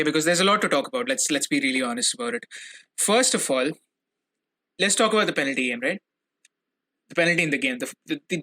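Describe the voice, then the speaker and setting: A young man hosting a solo fan podcast, switching from chatty excitement to furious, sweary ranting, often repeating himself. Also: a little high. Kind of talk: solo football reaction podcast.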